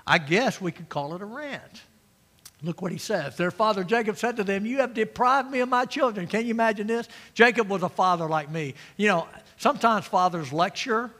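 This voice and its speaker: A middle-aged man preaching an emphatic sermon as pastor, swinging between loud and quiet. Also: sits high, normal speed. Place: church sanctuary. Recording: long reverb of a church hall.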